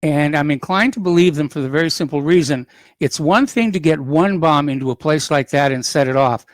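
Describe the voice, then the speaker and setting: A man hosting a call-in radio show, reading news items and adding opinionated asides in an unhurried, conversational way. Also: on the high side, no echo. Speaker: radio talk show host.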